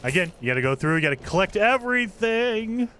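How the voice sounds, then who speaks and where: A man streaming a video game live, chatting in excitable, rambling asides about what he sees. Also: sits high, a little fast, background noise. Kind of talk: live gameplay commentary. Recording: over game music.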